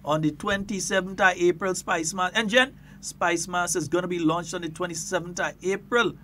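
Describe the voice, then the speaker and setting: High-voiced Grenadian radio host. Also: male voice, moderate pace, a little hiss or hum. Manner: lively, laughs often, stretches words for emphasis. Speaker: radio talk show host. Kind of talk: casual radio chat.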